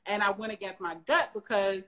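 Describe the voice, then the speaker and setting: Regular mid-pitched woman, podcast chat, blunt, swears, keeps checking you get it. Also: brisk, a bit bright. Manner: blunt, profane, storytelling with asides. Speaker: podcast guest.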